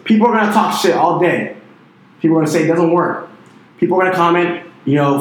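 A man's voice: high-pitched, fast talker. A man in his twenties giving an intense, profane motivational rant, punching his points hard and dropping "dude" and "you know" often. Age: 20s. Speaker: motivational online entrepreneur. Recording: very echoey room.

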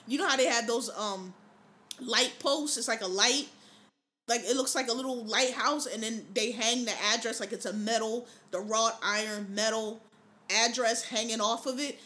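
A woman hosting a podcast, talking in a casual, profane monologue and telling animated stories with plenty of laughter. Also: on the high side. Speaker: podcast host.

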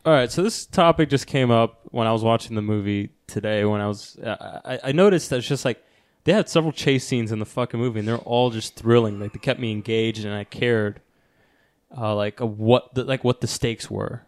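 A man's voice: medium pitch, brisk, dry recording. A man co-hosting a movie podcast in casual chat, rambling with lots of filler words and swearing. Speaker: movie review podcast co-host.

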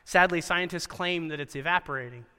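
Animated man preaching in a reverberant hall. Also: a little high, fairly quick, smooth. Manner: animated storyteller with wry asides and dramatic quoted voices. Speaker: chapel speaker at a Christian school. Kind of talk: sermon.

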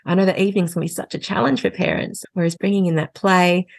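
A woman, a parenting educator and podcast guest, telling lively stories and laughing often. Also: on the low side, fast talker, gravelly, no room sound. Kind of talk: casual podcast conversation.

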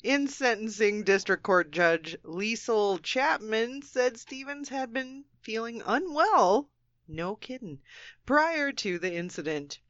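A woman's voice: on the high side, animated, slow, fairly bright tone, dry recording, dull audio. An American woman co-hosting a comedy radio show, reading odd news stories with sarcastic asides and frequent giggles. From United States. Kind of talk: comic news reading and banter.

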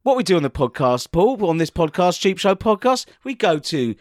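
A man trading sweary, teasing banter as co-host of a comedy podcast. His voice sits high and swings widely in pitch. The sound is close and dry, with no room around it. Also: big pitch swings, moderate pace, dry recording. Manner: teasing, swears freely, breaks into laughter.

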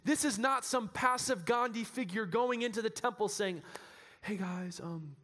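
A man with a notably high voice preaching in a church. He builds from explanation to full shouting at the peaks, repeating phrases and restarting sentences as he drives his points home. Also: moderate pace. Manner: animated, building to shouting at climaxes, with self-interrupting restarts. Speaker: pastor. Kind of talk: sermon.

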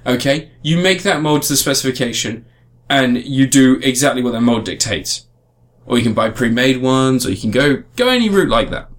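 A man with a mid-range voice reviews a game at a moderate pace in casual podcast chat. He rambles, restarts often, and speaks with animated emphasis.

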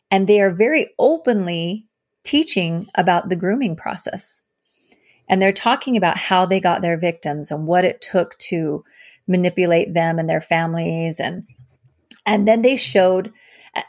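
A woman sharing her personal story as an interview guest, earnest and halting, with many fillers and restarts. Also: lowish voice, a little mellow. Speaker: guest, survivor advocate.

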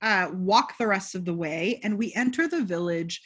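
Animated woman recapping a film. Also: mid-range voice, moderate pace. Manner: animated storyteller, acts out quotes. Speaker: podcast co-host. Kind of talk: casual film recap chat.

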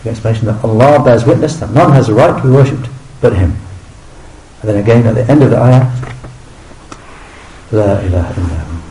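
A man teaching a recorded religious lesson, explaining an Arabic text in measured English and repeating each term with its meaning. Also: medium pitch, mellow, reverberant, slight background noise, rough recording. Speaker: teacher translating and explaining a scholar's commentary.

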